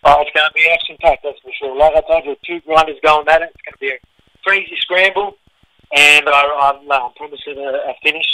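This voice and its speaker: A man's voice: fairly high pitch, steady tone, brisk, bright, forceful tone, dry recording, rough recording. A man with an Australian accent, a fighter guest on a radio interview, talking laid-back with lots of fillers.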